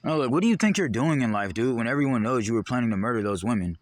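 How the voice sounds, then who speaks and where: A man's voice: mid-range voice, lively intonation, very fast, dry recording. Heated rambling Bay man, dry sound. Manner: heated, rambling, profane, jumping between topics. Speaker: vlogger. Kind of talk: ranting monologue to camera.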